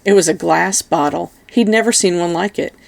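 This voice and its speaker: A woman reading an audiobook in a steady, even narration. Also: on the low side, normal speed, vocal fry. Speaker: audiobook reader.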